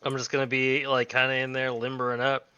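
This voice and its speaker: A man's voice: medium pitch, monotone, fairly quick, pushed and bright, clean tone, no room sound, lo-fi sound. A man playing a tabletop game, blunt and swearing. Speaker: player. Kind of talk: casual chat at the table.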